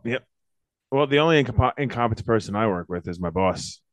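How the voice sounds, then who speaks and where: A man's voice: mid-range voice, lively intonation, brisk, no room sound. A man co-hosting a podcast, chatting casually with a laid-back, sarcastic tone and offhand swearing. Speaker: podcast co-host. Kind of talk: casual chat.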